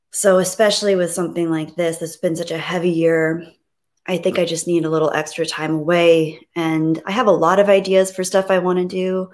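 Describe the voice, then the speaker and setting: A woman hosting a casual live stream, greeting viewers and reading their messages aloud, soft and reflective when she talks about grief. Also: lowish voice.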